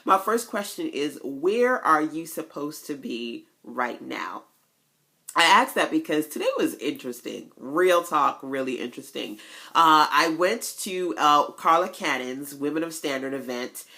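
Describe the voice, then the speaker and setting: Chatty, animated woman vlogging to viewers. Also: unhurried. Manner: chatty, animated storytelling with big pitch jumps; folksy asides to viewers. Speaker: online business coach. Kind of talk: casual motivational vlog.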